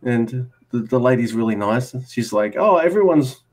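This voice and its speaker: A man's voice: medium pitch, little pitch movement, normal speed, darkish tone. Rambling Australian podcast guy. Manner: rambling, swears freely, acts out both sides of conversations. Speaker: podcast co-host. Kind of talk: casual chat.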